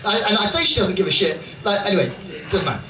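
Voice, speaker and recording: Heard from a distance in echoey, noisy club audio, this Dorset-born British comedian speaks quickly, his voice sitting high with lively intonation. He works the crowd on stage, chatting, mocking himself and often checking in with them, while laughter and room noise fill the background.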